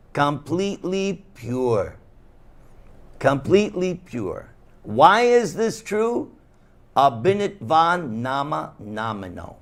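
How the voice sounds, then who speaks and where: A man with a New York accent giving a devotional lecture, slow and emphatic, leaning hard on key words with a playful touch for his live audience. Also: mid-range voice. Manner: slow, emphatic, sing-song rise and fall on key words. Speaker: monk lecturer.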